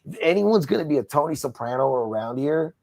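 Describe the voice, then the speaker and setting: A man's voice: a little high, lively intonation, fairly quick, gravelly, a little mellow, no room sound. Heated, profane man ranting. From Southern California. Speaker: wrestling promoter. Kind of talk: casual interview.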